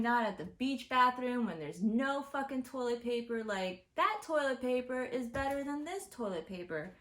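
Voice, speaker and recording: A woman's voice: fairly high pitch, fairly bright tone. A woman hosting her own show, delivering an exasperated, profane comedic rant to the camera. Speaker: host. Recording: roomy echo.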